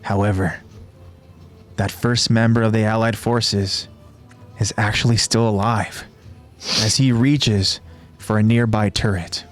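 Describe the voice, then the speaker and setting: A man who hosts a podcast, retelling an anime episode scene by scene in a steady, descriptive way. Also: fairly low pitch, measured pace, pauses often, faint music behind. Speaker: podcast host.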